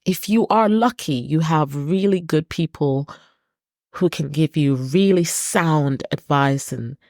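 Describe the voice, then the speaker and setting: A woman's voice: sits low, takes it slowly, darkish tone, no room sound, studio quality. A woman hosting her own podcast, speaking earnestly in a personal, reflective monologue and repeating words for emphasis. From Britain. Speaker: podcast host.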